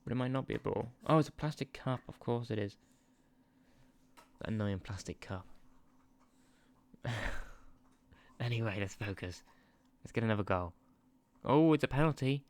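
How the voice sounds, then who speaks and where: The gaming channel host's voice is fairly low, and he talks at a moderate pace broken by long pauses. His commentary on a football management game is casual and chatty, and he gets distracted, laughing and swearing into a sensitive desk microphone.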